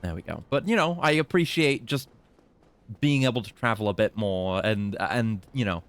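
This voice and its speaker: A man's voice: on the low side, animated, moderate pace, a little hiss or hum. Chatty British man streaming a game. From Britain. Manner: chatty, swearing, mock-taunting enemies. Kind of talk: casual gameplay commentary.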